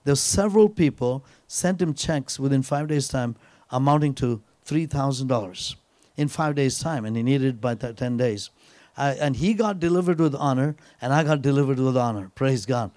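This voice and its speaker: A man's voice: mid-range voice, normal speed, darkish tone, dry recording. A man preaching as a guest speaker, telling a personal story and returning again and again to a scripture refrain with frequent "praise God.". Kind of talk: sermon.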